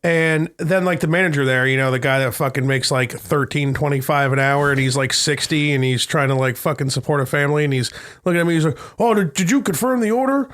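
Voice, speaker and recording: A man on a casual podcast, telling a long, profane, rambling story and mimicking other people in a higher voice. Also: fairly even intonation, fast, fairly bright tone, smooth. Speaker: podcast co-host. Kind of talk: casual chat.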